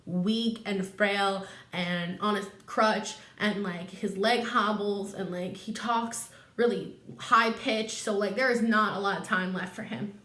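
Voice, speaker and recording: A woman's voice: mid-range voice, steady tone, a little slow, few pauses, a bit bright, lightly acted. A laid-back male Christmas spirit who talks like a blunt bro, as a woman puts him on. The tone is casual and matter-of-fact, and an echoey room surrounds it. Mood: explaining.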